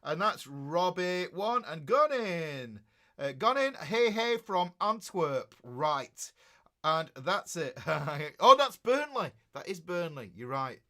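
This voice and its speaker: Guy rambling thru viewer comments on a livestream, kinda high bright voice. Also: big pitch swings, slow pace. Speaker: guitar teacher. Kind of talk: casual livestream chat.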